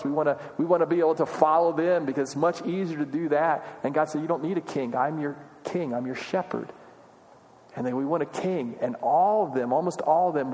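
A man's voice: fairly high pitch, a little mellow, big-room sound. A man preaching a sermon, earnest and full of rhetorical questions, building in emphasis as he goes. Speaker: pastor.

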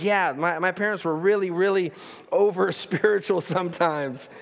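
Gravelly high-voiced preacher in a hall. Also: male voice, moderate pace. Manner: conversational, self-correcting, animated storytelling. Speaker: pastor. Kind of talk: sermon with personal storytelling.

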